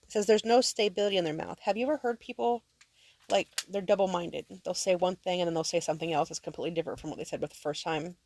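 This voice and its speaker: A woman's voice: lowish voice, fairly even intonation, fast talker, darkish tone. A woman teaching her sons scripture at home, reading verses aloud and explaining them plainly, often checking whether they understand.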